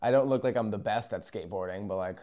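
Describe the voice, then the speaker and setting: A young man telling a casual, rambling story, acting out moments with yells and whispers. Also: fairly low pitch, fast. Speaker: vlogger.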